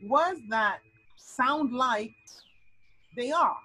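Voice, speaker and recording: A woman tutor teaching an SAT lesson over a video call, explaining with lively, animated delivery. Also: on the high side, unhurried, pauses often, breathy edge, dry recording, poor audio. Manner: lively, animated explaining with sound-word outbursts.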